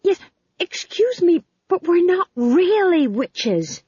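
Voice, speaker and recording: A woman reading an audiobook, voicing frightened young actresses in a high, pleading voice. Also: big pitch swings, slow pace, a little mellow, dry recording, muffled recording, full character voice. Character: frightened young women actors playing witches.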